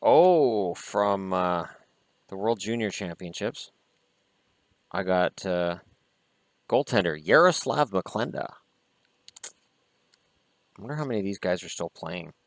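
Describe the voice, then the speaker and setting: A man's voice: low-pitched, animated, takes it slowly, pauses often, no room sound. A man hosting a casual vlog, chatting in an opinionated way and swearing mildly as he opens trading cards. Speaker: hockey vlogger. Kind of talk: casual card-opening vlog chat.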